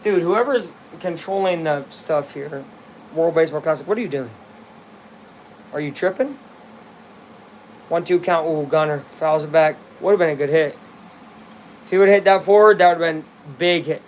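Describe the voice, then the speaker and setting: A young man with a bright, high voice rambles through casual live baseball commentary. He drifts into chatty asides and then erupts into shouts when a big play lands. A faint air-conditioner hum sits under his voice. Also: moderate pace, long pauses. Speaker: fan streamer watching the game live.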